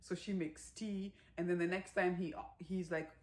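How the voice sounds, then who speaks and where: A woman giving a casual movie recap, chatty and animated, with lots of fillers and acted-out quotes. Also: on the low side, measured pace. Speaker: movie reviewer.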